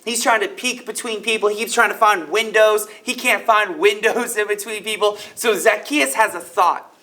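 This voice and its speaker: A young man leads a youth Bible lesson with plenty of hype. His voice sits high and sounds bright and forceful. He talks straight to the kids in a playful way. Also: normal speed. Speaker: youth ministry speaker.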